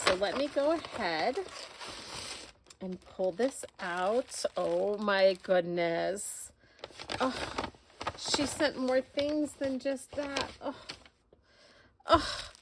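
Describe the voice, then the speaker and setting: Recorded on camera at home, a woman with a mid-range voice opens gifts for her casual crafting vlog. She is effusive and gushing, exclaiming constantly, with a bit of background noise behind her.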